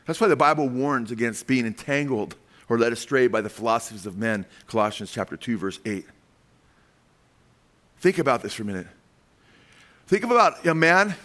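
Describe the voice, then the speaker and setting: A man with a slightly raised voice delivers a sermon, pressing home each point with rhetorical questions. He tells his illustrations dramatically, swinging between hushed asides and bursts of emphasis. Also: fairly high pitch. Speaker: preacher.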